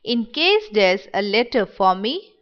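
A woman reading the part of a sick, wistful young village boy in a dramatic play reading, in a gentle, wondering manner. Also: mid-range voice, big pitch swings, a little slow, clean tone, muffled recording. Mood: eager.

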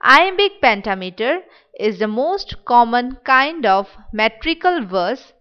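A woman reads a lesson aloud very slowly and deliberately, stopping to spell out terms letter by letter. Her voice is smooth, clear and on the high side. The recording sounds dull and lo-fi. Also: big pitch swings. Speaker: teacher. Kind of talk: slow read-aloud lesson.

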